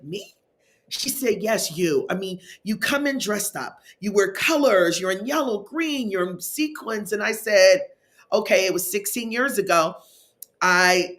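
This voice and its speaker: Expressive woman telling her story. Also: medium pitch. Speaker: keynote speaker and wellness coach. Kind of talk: live panel talk, personal story.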